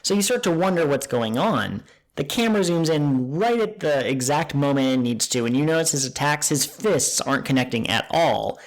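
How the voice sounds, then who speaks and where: A man co-hosting a podcast, retelling scenes with excited, animated energy in casual chat. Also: a little high, normal speed. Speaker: podcast co-host.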